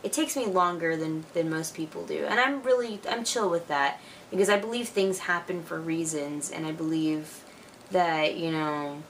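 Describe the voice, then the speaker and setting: Alone at home, a chatty vlogger in her twenties records a casual video letter to a friend, excitable and packed with "like" and "you know." Her voice is low and moves at a normal speed. The mic sits a bit distant, and faint noise hums underneath.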